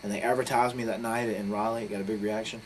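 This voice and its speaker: A man speaks in a fairly low voice, words tumbling out quickly. He is blunt and profane as he recounts a heated personal story in a candid interview, with faint noise behind him. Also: little pitch movement, rough recording. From North Carolina. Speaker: interviewee, professional wrestler.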